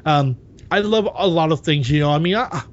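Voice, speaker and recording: A man's voice: fairly high pitch, normal speed, lo-fi sound. Man with a partly Boston accent. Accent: mixed Boston. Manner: jokey, rambling with restarts. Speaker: podcast co-host. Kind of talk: casual chat.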